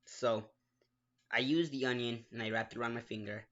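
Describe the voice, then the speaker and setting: A man rambles through a personal story in a casual vlog, restarting his sentences and stopping to apologize. He makes his own mouth sound effects along the way. His voice is bright, mid-pitched and sharp, caught on a dull, lo-fi home recording. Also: steady tone, normal speed. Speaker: gaming vlogger.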